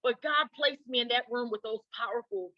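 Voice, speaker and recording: A woman cast member sharing a personal story in an interview, animated as she acts out her own thoughts. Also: a little high, normal speed, dull audio.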